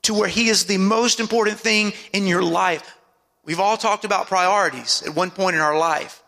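A man preaching a sermon as pastor, calling out to the congregation for amens and dropping his voice low for emphasis. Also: fairly even intonation, normal speed, gravelly, bright, forceful tone, long reverb tail. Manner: preaching with call-and-response asides and dramatic drops in pitch.

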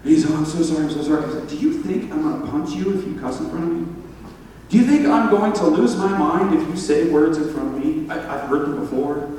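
A man preaching a sermon, telling stories with laughter and animated asides. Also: fairly high pitch, fairly quick, a little hiss or hum. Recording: echoey hall from far off.

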